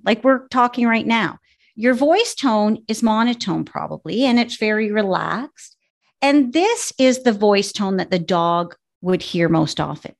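Woman dog trainer, gravelly edge, steady explainer tone, podcast chat. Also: mid-range voice.

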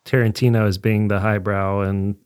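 Man, podcast panelist, measured, thoughtful, low voice, dry recording. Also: level tone, darkish tone, clear, resonant tone, dry recording. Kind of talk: casual podcast chat.

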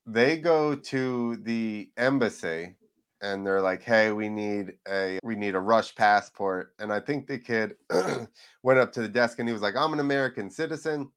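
A man with a fairly low voice sits in as a guest and spins a long, rambling story. He talks casually, drops the odd swear word, and slips into quick impressions of the people he is quoting. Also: clean tone. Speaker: podcast guest, freestyle motocross rider.

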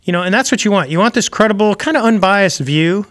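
A man's voice: high-pitched, animated, fast, hardly any pauses, fairly bright tone. An older man, a retired Navy pilot, telling anecdotes as a guest in a casual interview, rambling with restarts and wry asides.

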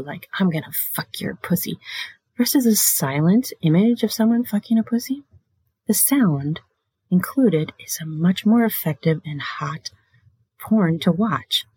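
In a casual monologue, a woman hosts a sex and relationship advice show, speaking bluntly with plenty of swearing, frequent laughter and drifts into breathy whispers. Her voice is lowish and warm, recorded dry.

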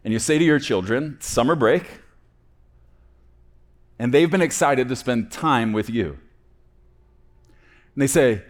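A man preaching a sermon, rising to loud emphatic peaks and dropping to soft, hushed phrase endings. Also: medium pitch, expressive, a little slow, long pauses. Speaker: pastor.

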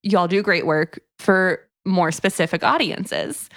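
A woman's voice: fairly low pitch, takes it slowly, a bit bright. A woman co-hosting a podcast, retelling a book's plot in casual chat, full of "like". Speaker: podcast co-host. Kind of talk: casual book-review chat.

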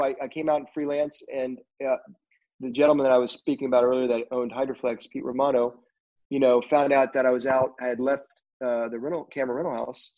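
A man in casual conversation, telling rambling, animated stories about his career in film, with lots of fillers and restarts. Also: medium pitch. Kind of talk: casual storytelling interview. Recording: dull lo-fi audio.

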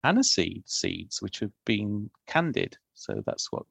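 Man, gravelly low voice, dry close sound, explains thoughtfully. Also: sing-song, a little slow, fairly bright tone, no room sound. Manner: thoughtful, explanatory, reads old recipe text aloud. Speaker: food historian guest. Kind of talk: casual podcast conversation.

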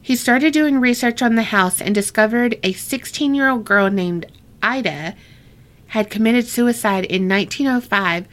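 A woman's voice: a little high, moderate pace. A woman co-hosting a podcast, reading listener ghost stories aloud in a casual, chatty way and laughing often. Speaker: podcast co-host.

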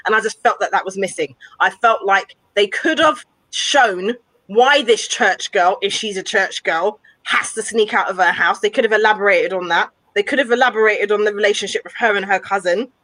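Animated woman, dry close sound. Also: mid-range voice, moderate pace, dry recording, low-quality recording. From West London. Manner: animated, builds to exasperated rhetorical questions. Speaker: podcast co-host reviewing a film. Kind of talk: casual chat.

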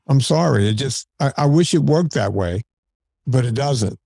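Podcast guest, man, blunt storyteller, dark dry tone, close mic. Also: medium pitch, moderate pace, gravelly, no echo. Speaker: podcast guest, show host. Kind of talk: casual podcast conversation.

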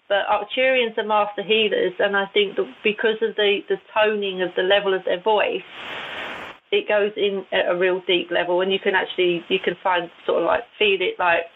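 A woman, a guest on an interview, telling stories in a chatty, animated way with frequent laughs. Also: mid-range voice. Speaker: guest, intuitive and channeler. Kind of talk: casual storytelling in an interview. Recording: tinny phone-like line with faint hiss.

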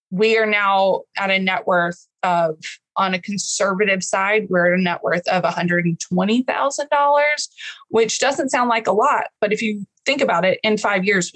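A woman from Texas in her thirties tells her own story as an interview guest. She speaks in an earnest, emotional way at an ordinary pitch. The sound is close and dry, with no room around it. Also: fairly bright tone, no echo, rough recording. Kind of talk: candid personal story in an interview.

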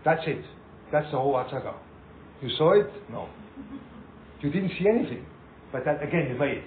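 Man, emphatic rabbi, somewhat high voice, tinny phone-like recording. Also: lively intonation, normal speed. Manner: emphatic, repeats himself, acts out little scenes. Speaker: rabbi teaching a class. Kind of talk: animated informal Torah talk. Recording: echoey, tinny lo-fi room recording with hiss.

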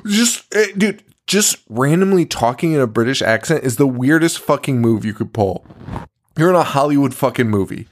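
Male podcast co-host, lively swooping delivery, frequent laughter, profane casual chat. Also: medium pitch, moderate pace.

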